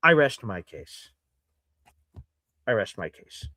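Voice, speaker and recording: A man's voice: lowish voice, big pitch swings, takes it slowly, bright, forceful tone, dry recording. A man hosting a live sports reaction show, ranting and sarcastic toward his audience. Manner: ranting and sarcastic, mocking fans in put-on voices.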